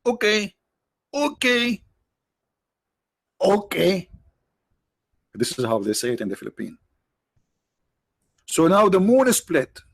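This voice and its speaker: A man with non-native English phrasing hosting a livestream, mocking his subject with rhetorical questions, his voice tired and his throat often cleared. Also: mid-range voice, huge pitch swings, normal speed, long pauses, dry recording. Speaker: livestream host. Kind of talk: mocking debate commentary.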